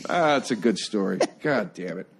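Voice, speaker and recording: A man, a guest on a podcast, telling excitable, laughing stories in casual chat. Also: vocal fry, husky. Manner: excitable, laughing storyteller with lively swings in pitch.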